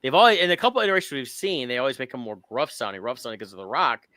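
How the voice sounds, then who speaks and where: A man's voice: medium pitch, animated, rapid-fire, sharp tone, no room sound. A man co-hosting a podcast, chatting casually and rambling with restarts. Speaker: podcast co-host. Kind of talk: casual chat.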